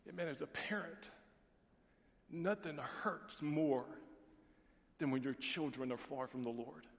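A middle-aged man preaching a sermon as pastor, telling stories with folksy asides and animated voices for the people in them. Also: on the high side, a little slow. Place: church sanctuary. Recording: long reverb of a large hall.

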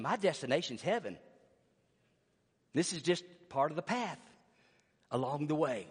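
A man preaching a sermon, swinging between hushed, intimate passages and shouted emphasis. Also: mid-range voice, breathy edge. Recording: long hall reverb.

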